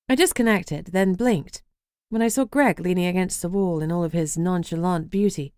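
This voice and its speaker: A woman's voice: fairly low pitch, normal speed, dark tone, smooth, no echo, clean studio sound. A woman narrating a first-person urban fantasy audiobook in a wry, sardonic way.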